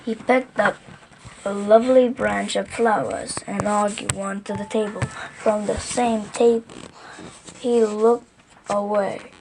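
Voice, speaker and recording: A woman reading a children's storybook aloud slowly and carefully, with occasional slips. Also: medium pitch, fairly even intonation, creaky, background noise. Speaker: reader.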